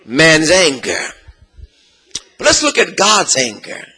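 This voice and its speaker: A man preaching a sermon in a sing-song cadence, asking the congregation questions and swelling into shouts. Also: fairly high pitch, huge pitch swings, slow pace, husky.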